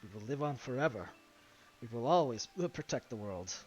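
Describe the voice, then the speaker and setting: A man's voice: mid-range voice, expressive, brisk, slight background noise, pitched below the performer's own voice, lightly acted. A man voicing a solemn, noble knight. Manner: solemn, formal speech. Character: noble, self-sacrificing male lion-robed knight leader. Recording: dull lo-fi stream, faint music.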